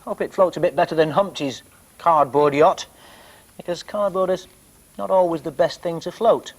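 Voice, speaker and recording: A man presenting a children's TV show, talking gently and playfully to young viewers. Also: a little high, moderate pace.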